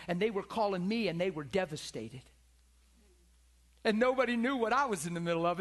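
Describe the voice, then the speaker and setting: A middle-aged man preaching a sermon as a pastor, impassioned, swinging from loud exclamations down to near whispers. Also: high voice.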